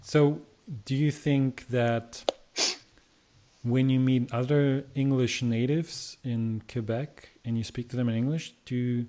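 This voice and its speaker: A man hosts a relaxed interview in a mellow, warm voice at a middle pitch. He asks curious follow-up questions in an easy, conversational way. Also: slow. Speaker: interview host. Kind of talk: casual interview.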